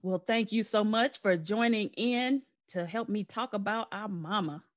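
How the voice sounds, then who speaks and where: A woman's voice: mid-range voice, unhurried. A woman hosting a podcast, chatting casually and laughing easily with her guest. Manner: laughs often, relaxed storytelling. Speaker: podcast host. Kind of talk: casual chat.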